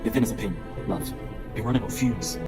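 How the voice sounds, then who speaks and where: A man playing a weary, gentle time traveler. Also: fairly low pitch, a little fast, music in the background, lightly acted. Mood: consoling.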